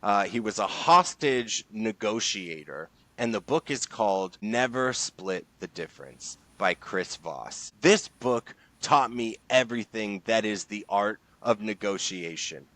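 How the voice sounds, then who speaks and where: A man's voice: lowish voice, expressive, unhurried, few pauses, a bit bright, no room sound. An enthusiastic man talking in a podcast interview as a guest, emphatic and casual with lots of slang. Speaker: guest, sales leader and author.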